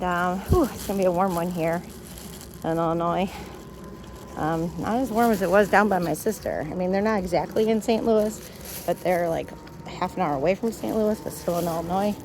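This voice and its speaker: A woman's voice: lowish voice, background noise. A middle-aged woman chatting and venting in a casual walk-and-talk vlog, recorded outdoors on a phone while walking her dogs. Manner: chatty, venting, lots of fillers. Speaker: vlogger.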